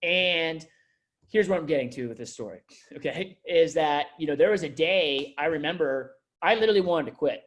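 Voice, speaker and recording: A man's voice: fairly high pitch, normal speed. Rambling man full of fillers. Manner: rambling, filler-heavy storytelling with frequent restarts. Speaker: district manager. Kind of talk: onboarding talk to staff.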